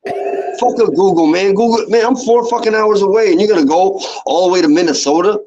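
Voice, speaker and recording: A man's voice: high-pitched, fairly even intonation, fast, a little mellow. A man on a podcast, chatting casually and swearing a lot as he mock-scolds a friend. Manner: profane, mock-outraged ribbing. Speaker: podcast co-host. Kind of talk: casual chat. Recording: dull lo-fi stream audio.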